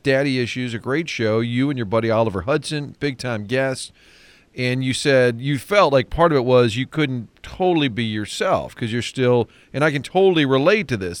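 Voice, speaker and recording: A male podcast host chats with his guest in a loose, joking way and throws in quick asides. His voice sits at an ordinary pitch and sounds dry and close to the mic. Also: clean tone, dry recording. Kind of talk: casual interview chat.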